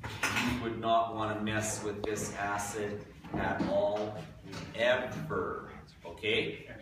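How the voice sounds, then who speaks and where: A man's voice: fairly low pitch, steady tone, slow. A male science teacher giving a classroom demonstration, joking and checking in with his students as he works. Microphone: far camera. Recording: echoey classroom from far off, noisy.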